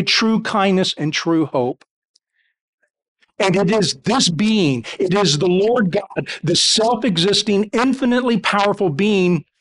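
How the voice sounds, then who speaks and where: High-voiced male pastor preaching emphatically. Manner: emphatic, building repetition. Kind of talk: sermon.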